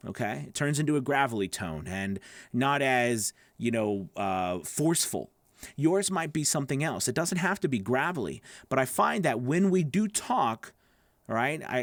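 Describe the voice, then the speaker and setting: The voice acting coach addresses his students directly, his medium-pitched voice slightly nasal and gravelly, with lively intonation at a normal speed. Loose and rambling, he restarts often and checks in with things like "okay? right?", all in a close, dry recording with no room in it.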